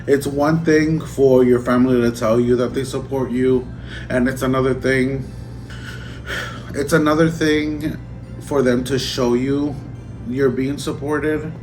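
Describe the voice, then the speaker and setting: Slow, emotional young man vlogging. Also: mid-range voice, fairly even intonation. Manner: emotional, choked up and halting. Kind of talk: casual unboxing vlog. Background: music.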